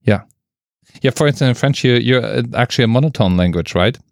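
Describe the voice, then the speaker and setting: A man co-hosting a casual debate podcast, talking haltingly and often restarting his sentences. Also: medium pitch, vocal fry, no room sound, clean studio sound. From Germany. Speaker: podcast co-host.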